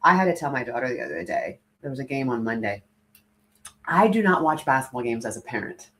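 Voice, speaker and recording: A woman co-hosting a chat show, a loud, animated storyteller who says her voice carries. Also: a bass voice, brisk. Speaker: podcast co-host. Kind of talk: casual chat.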